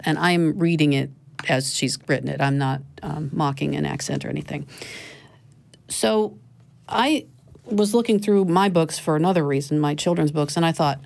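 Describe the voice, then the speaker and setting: A middle-aged woman hosts a casual panel discussion, with a low, grounded voice. She talks freely, laughs easily and corrects herself on the fly. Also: normal speed, gravelly, darkish tone. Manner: chatty, laughing, self-correcting. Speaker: show host.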